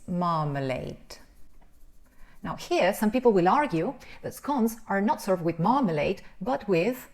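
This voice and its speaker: Very slow woman teacher. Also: mid-range voice, darkish tone. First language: Spanish. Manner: drawn-out sounds, frequent "right?" checks. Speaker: English pronunciation teacher. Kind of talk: pronunciation lesson.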